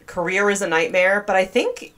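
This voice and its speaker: A woman's voice: medium pitch, big pitch swings, moderate pace, fairly bright tone. A young woman giving casual gameplay commentary, chatty, gasping and squealing in disgust. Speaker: gaming video creator.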